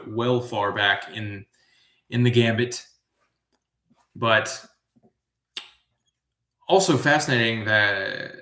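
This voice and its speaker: A man hosting a live trivia stream, reading questions slowly and drifting into musing asides. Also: mid-range voice, fairly bright tone, roomy sound. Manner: slow, drawn-out, musing asides. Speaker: trivia host.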